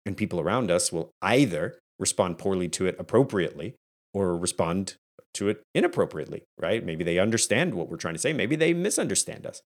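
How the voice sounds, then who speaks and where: A man's voice: low voice, a little fast. A man hosting a solo podcast, speaking energetically and conversationally as a leadership coach. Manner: energetic and conversational, acting out quoted family moments.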